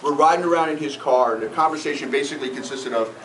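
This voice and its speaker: A man's voice: fairly high pitch, quick pace, a bit bright. A middle-aged man from New Jersey giving a self-deprecating roast speech to friends at an event. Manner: joking, self-deprecating storytelling. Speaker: roast speaker. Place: event room with guests. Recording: echoey room from far off, noisy.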